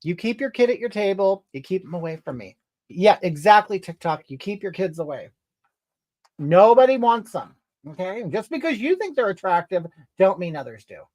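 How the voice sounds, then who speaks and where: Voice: medium pitch, big pitch swings, moderate pace, a little mellow, close to an everyday voice. A performer voicing a crude, entitled, brash woman, scolding and indignant, rambling at chat in an improvised comedy stream. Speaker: comedy livestreamer reading comments in character.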